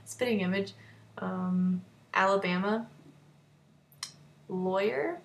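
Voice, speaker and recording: Slow and mid-range, the voice belongs to a young vlogger with a North Texas accent who chats casually, laughing a little and leaning on plenty of fillers and "likes." A faint hiss or hum sits under the recording.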